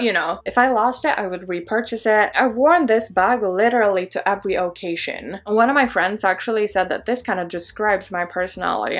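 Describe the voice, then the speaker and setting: A woman's voice: mid-range voice, a bit bright. A woman in her twenties, a fashion vlogger, talking casually to camera in a rambling, chatty way with lots of fillers and self-mocking asides. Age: 20s.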